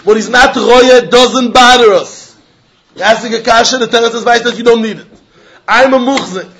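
A man teaching a Talmud class, arguing through the text in an animated way and throwing pointed questions at his students. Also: very high voice, normal speed. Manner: animated, argumentative, mixing Yiddish and Hebrew terms into English.

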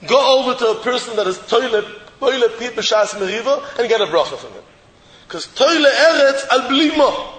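Male rabbi, high-pitched, lively repetitive sermon delivery; recorded in an echoey hall. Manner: animated, repeats phrases for emphasis. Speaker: rabbi giving a Torah talk. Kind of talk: storytelling sermon. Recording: echoey hall with long reverb.

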